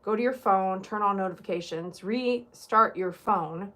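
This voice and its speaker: A woman's voice: medium pitch, unhurried, a bit bright. A woman hosting a casual livestream as a dog groomer, chatty and teasing as she talks straight to her viewers.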